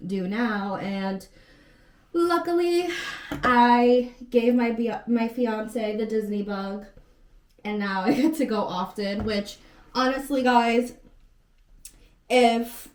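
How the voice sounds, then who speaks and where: A woman's voice: on the high side, takes it slowly, long pauses, a little mellow. A woman in her late twenties, chatting casually in a home vlog, rambling and often correcting herself mid-sentence. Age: 20s. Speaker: vlogger.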